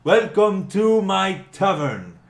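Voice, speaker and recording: Man plays a wee booming innkeeper, high and loud, fawning and hearty; echoey room. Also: sing-song, slow pace, faint music behind, exaggerated voice. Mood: welcoming. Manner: hearty, eager to serve. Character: tiny old male tavern keeper, booming and welcoming. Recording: echoey room, faint hum.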